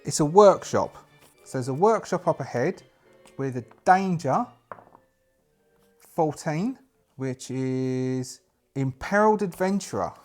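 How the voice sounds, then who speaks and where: A man talking through a solo tabletop game, thinking aloud and doubling back as he works out rolls. His voice sits slightly high for a man. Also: lively intonation, slow, long pauses, a little mellow, soft background music. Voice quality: thinks aloud while rolling dice, stop-start restarts. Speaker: solo game player and narrator. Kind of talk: casual solo actual-play narration.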